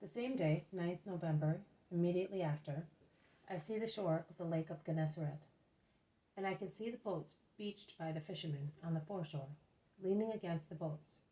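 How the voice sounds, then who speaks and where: A woman reading a religious book aloud as an audiobook narrator, in a steady, measured way. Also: on the low side, low-quality recording. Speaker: reader.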